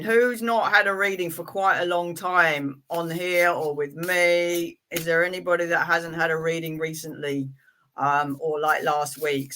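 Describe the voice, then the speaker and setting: Middle-aged woman, tarot reader, chatty live-stream host, low-ish bright voice. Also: a little hiss or hum. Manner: chatty and playful, rambling asides. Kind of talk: casual live-stream reading.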